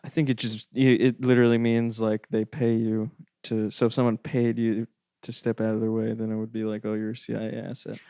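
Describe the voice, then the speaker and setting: A man, a guest on a comedy podcast, musing haltingly and repeating his words as he thinks aloud. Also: on the low side, level tone, mellow, clean tone, dry recording, studio quality. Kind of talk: casual comedy chat.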